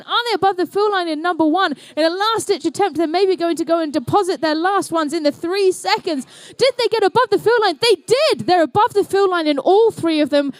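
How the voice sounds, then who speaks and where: A woman with a New Zealand accent and a high, bright-toned voice calls a robotics match live, playful and chatty. She tosses jokey asides to the teams between counts and scores. The sound is close and dry, with little room echo. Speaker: event commentator and emcee. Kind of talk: live competition commentary. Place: indoor competition venue.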